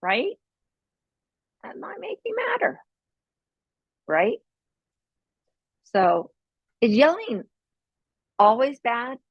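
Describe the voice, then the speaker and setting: Brief: woman podcast host, casual parenting talk, slightly husky, dry close sound, a bit dull and lo-fi. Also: mid-range voice, no room sound. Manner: chatty, ends points with "right?" and laughs often.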